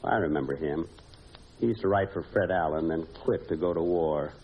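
A man hosting and narrating a 1950s radio comedy, with a dry, deadpan delivery and pauses for laughs. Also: low voice. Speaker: comedy show host and narrator. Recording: hissy dull old radio recording.

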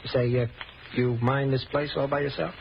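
A man's voice: mid-range voice, fairly even intonation, moderate pace, gravelly, close to an everyday voice. A young man playing a glib young con man. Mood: evasive. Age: young adult. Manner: glib, evasive, sly. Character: smooth-talking young con man on the run. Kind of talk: 1940s radio acting. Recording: dull old radio recording with hiss.

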